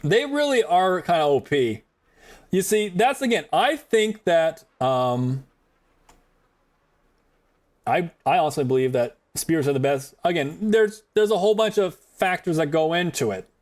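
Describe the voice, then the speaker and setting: A man's voice: a little high, lively intonation, unhurried, darkish tone. A man streaming a video game, talking in casual commentary; he jokes, swears and rambles, laughing often. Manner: joking, profane, rambling with frequent laughs.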